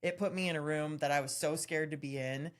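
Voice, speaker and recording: Low-voiced woman, candid and animated. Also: fairly quick. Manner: candid, animated storytelling with laughs. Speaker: podcast co-host. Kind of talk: casual chat.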